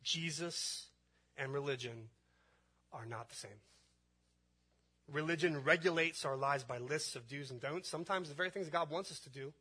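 A man's voice: on the high side, normal speed, long pauses, sharp tone, slightly rough. A man preaching a sermon, building emphasis through repeated phrases. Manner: preaching with rising emphasis and repetition. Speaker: pastor.

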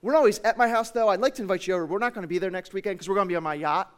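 A man voicing a smug, bragging rich little girl who chatters on in quick run-on boasts. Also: sits high, clear, resonant tone, lightly acted.

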